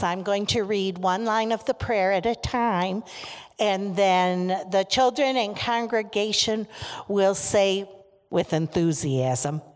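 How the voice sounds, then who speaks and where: Upbeat woman leading children in church. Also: medium pitch. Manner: upbeat, asks children questions, call-and-response. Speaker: children's ministry leader. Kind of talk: children's message in a church service. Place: church sanctuary. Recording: long reverb of a church sanctuary.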